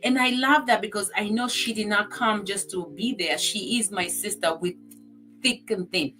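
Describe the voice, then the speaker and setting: A woman's voice: mid-range voice, moderate pace, bright, forceful tone, soft background music. A woman on a talk show, speaking in an emphatic, heartfelt way as she tells personal stories. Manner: acts out friend's remarks in quoted voices. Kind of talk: casual chat.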